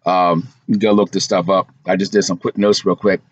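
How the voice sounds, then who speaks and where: A man's voice: low voice, little pitch movement, moderate pace, dry recording, dull audio. A man hosting a trucking channel, talking casually through a list from his notes with asides and fillers. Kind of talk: casual commentary vlog.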